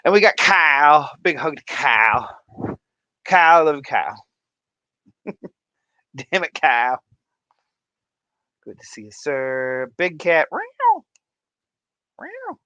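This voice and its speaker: Excitable, bright-voiced man hosting a livestream. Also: fairly high pitch, slow, pauses often, clean tone, no room sound, lo-fi sound. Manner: goofy and excitable, laughs often, greets viewers by name. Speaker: livestream host. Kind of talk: casual livestream chat.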